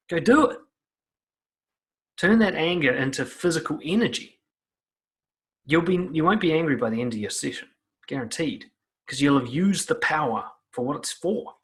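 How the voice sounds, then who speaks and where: A man's voice: a little high, animated, normal speed, pauses often, fairly bright tone. A man giving blunt, profane self-help advice straight to the listener. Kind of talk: direct-to-camera advice talk.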